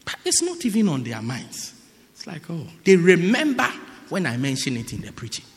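A male pastor preaching a lively sermon in a church, acting out people's excuses and breaking into shouts. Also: a little high, normal speed. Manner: animated, mimics excuses, bursts into shouts. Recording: echoey church hall.

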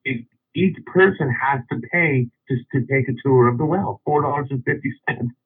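A man voicing a blunt, stubborn teenage farm girl who speaks slowly, flatly and insistently. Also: mid-range voice, husky, voice pushed up. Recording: phone-like radio line.

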